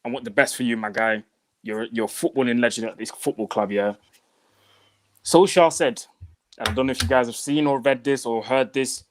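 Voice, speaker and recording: A man's voice: mid-range voice, a little fast. A man hosting a casual football panel, earnest and passing the floor around. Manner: earnest, hands the floor to others. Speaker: host.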